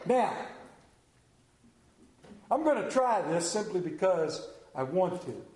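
A middle-aged pastor preaches a sermon, reading scripture, praying and adding folksy, joking asides. His voice is mellow and a touch higher than most men's. He is heard in a roomy, echoey church. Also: big pitch swings, takes it slowly, long pauses.

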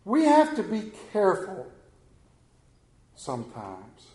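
A man preaching a sermon, telling folksy stories and swinging between loud emphasis and quiet asides. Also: sits high, wildly swooping pitch, takes it slowly, echoey room. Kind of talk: sermon with anecdotes.

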